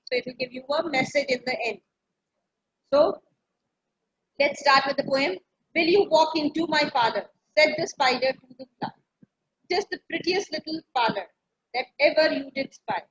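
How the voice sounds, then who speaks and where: A woman's voice: sits high, a bit bright, a little hiss or hum. A female English teacher explaining a poem step by step, often checking understanding with "right?". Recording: echoey room, dull lo-fi sound.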